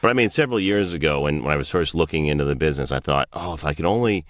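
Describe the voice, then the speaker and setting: A man co-hosts a podcast, chatting in a relaxed, animated way. His voice sits low and moves through a lively melody. The recording is close and dry. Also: rapid-fire, no room sound. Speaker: podcast co-host. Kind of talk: casual chat.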